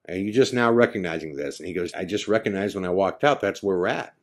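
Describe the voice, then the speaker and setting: A man hosting a podcast, telling a personal story casually and acting out his friends' lines in quoted dialogue. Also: brisk. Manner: drops to a hushed, low tone for the eerie parts. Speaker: podcast host.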